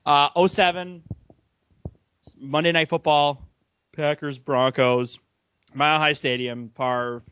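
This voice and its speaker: A man's voice: on the high side, slow pace, pauses often, clean tone. A young man co-hosting a casual sports podcast, telling stories with laughter. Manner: animated storyteller, laughs while telling stories. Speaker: podcast co-host.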